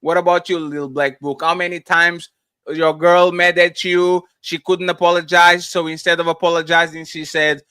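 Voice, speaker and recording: A man's voice: on the high side, little pitch movement, normal speed, sharp tone, clear, resonant tone, no room sound. A man hosting a podcast, throwing provocative, teasing questions with crude humor in a heated casual debate. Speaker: podcast host.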